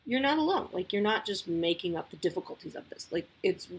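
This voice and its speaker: A woman's voice: lowish voice, sing-song, fairly quick, slightly rough, low-quality recording. A woman talking casually as a parent sharing advice, candid and chatty with lots of asides.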